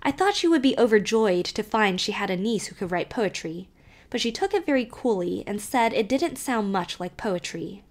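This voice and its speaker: A woman narrates an audiobook at normal speed, reading aloud a child's first-person letter. Her mid-range voice delivers it in an expressive, varied way.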